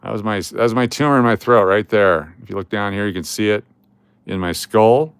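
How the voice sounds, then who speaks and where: A middle-aged man chats through a casual vlog in a smooth, fairly low voice. He rambles, restarts and jokes as he goes. The sound is close and dry with no room in it. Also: a little fast, dry recording. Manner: rambling and joking, with chuckles and trailing restarts. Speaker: coin collecting channel host. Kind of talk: casual vlog chat while scrolling through photos.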